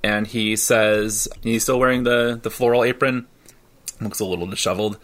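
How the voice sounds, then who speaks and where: A man running a tabletop game as game master, chatty and quick to laugh. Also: lowish voice, steady tone, fairly bright tone. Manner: laughs often, loose and chatty.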